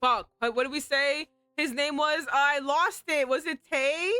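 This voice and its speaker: Bubbly, excitable woman streamer. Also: sits high, unhurried, no room sound, soft background music. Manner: excitable, gushing, laughs a lot. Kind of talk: live let's play commentary.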